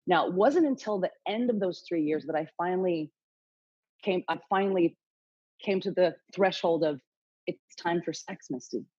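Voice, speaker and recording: A woman in her late forties talks as a podcast guest, low and husky, with a mellow dark tone. She tells her story frankly, swears freely and acts out her own inner dialogue. The sound is dull, lo-fi and dry. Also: moderate pace, no echo. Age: late 40s. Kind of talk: candid interview storytelling.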